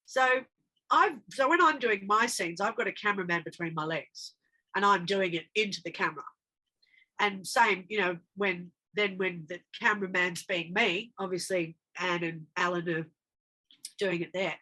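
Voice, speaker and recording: Actress, bright-voiced, animated storyteller, for a casual interview. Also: female voice, lowish voice, moderate pace. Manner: animated, acts out dialogue in her anecdotes. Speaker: actress guest.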